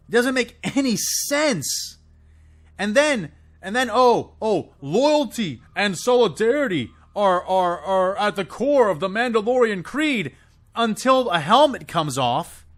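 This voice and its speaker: A man giving an impassioned, exasperated solo rant to camera, swearing and sputtering as he goes. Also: a bit bright. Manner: exasperated, swearing, high and swooping. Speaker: video creator ranting about a show.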